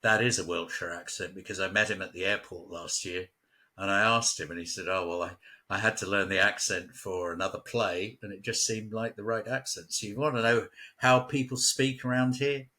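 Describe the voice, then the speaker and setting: Deep husky English man, chatty. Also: steady tone, brisk, pushed and bright. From West London. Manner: chatty storyteller, laughs often. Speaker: local guest. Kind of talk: casual conversation.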